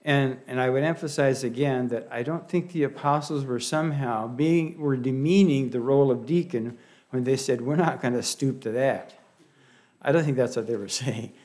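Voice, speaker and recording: A man with a Pennsylvania Dutch accent delivering a sermon, folksy and halting, often restarting his words. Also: mid-range voice, a little mellow. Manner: halting, with many restarts and fillers; folksy, with light humor. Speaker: preacher.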